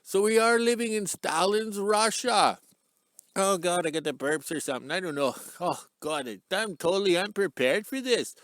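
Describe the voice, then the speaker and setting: In his vlog intro, a middle-aged Canadian channel host rambles off the cuff, joking, chatting and wandering away from the topic. He films himself outdoors in cold sun on a handheld camera mounted on a stick, his high voice animated, a bit bright and at a moderate pace with no echo.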